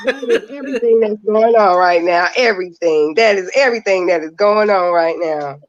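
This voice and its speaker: A woman's voice: mid-range voice, moderate pace. A woman co-hosting a casual podcast chat, laughing and emphatic. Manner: giggly, emphatic. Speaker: podcast co-host. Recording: dull lo-fi sound.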